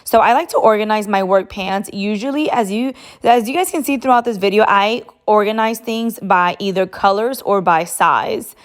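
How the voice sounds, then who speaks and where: A young woman chats her way through a walk-in closet at home, casual and slangy, tossing in the odd Spanish phrase. She sounds a little out of breath as she moves around. Her voice sits at an ordinary middle pitch. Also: normal speed, hardly any pauses. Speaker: vlogger. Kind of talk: casual chat.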